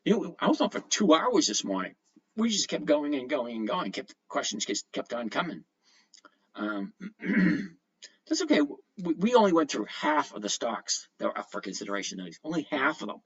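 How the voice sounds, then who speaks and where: Male livestream host, casual and lively, reads out chat, dull low-fi sound. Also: fairly quick. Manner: chatty, greets viewers by name, reads comments aloud. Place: at home.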